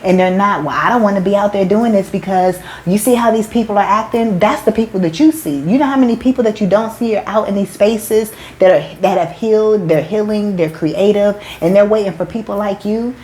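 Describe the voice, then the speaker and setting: A woman's voice: medium pitch, a little fast, few pauses, dark tone, low-quality recording. Woman, motivational speaker, preachy, emphatic, profane, slangy, calls listeners baby. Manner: casual slangy talk with many restarts. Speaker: motivational speaker and spiritual life coach. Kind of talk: motivational monologue to her followers.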